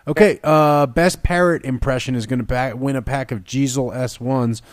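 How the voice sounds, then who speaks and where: A man hosting a casual radio show, briskly taking callers and repeating the call-in number. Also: medium pitch, no room sound, studio quality.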